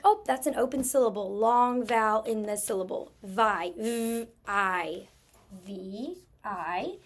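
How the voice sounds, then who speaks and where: A woman teaching a spelling lesson to young students, patiently sounding out words letter by letter. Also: fairly high pitch.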